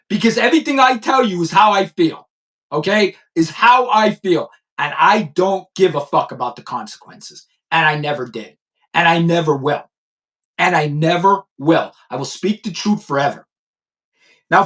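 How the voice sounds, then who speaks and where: A man's voice: high voice, pushed and bright. A man in his fifties, a former police chief, hosting a blunt, profane news commentary and repeating lines for emphasis. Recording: voice a bit distant from the mic.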